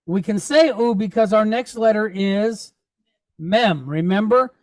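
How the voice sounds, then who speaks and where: A woman's voice: medium pitch, a little slow, a little mellow, no room sound. A woman teaching a Hebrew reading lesson, patiently naming each letter and vowel point and checking in with the class as she goes. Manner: checks in with frequent "right?".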